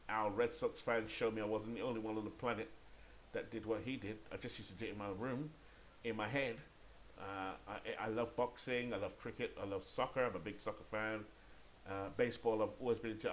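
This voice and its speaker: A man's voice: lowish voice, a little hiss or hum, poor audio. A British man calling play-by-play for a baseball video game he is playing, chatting and thinking aloud between calls. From Great Britain. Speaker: gamer and play-by-play caller.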